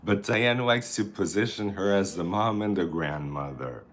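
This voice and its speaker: A man's voice: low voice, normal speed, a bit bright, slight background noise. A man vlogging a get-ready-with-me routine, chatting in a campy, playful way. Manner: chatty, campy, talks to the camera and people nearby. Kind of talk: casual get-ready-with-me chat.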